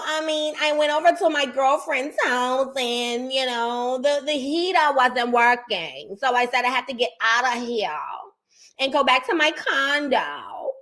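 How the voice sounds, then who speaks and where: A woman doing an impression of a chatty New York lady with a whiny, drawn-out manner. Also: a little high, gravelly, sharp tone, heavily acted.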